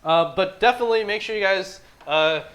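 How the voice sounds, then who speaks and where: Male host, higher-pitched, loose casual talk, casual swearing. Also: a little fast, fairly bright tone. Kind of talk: casual livestream chat.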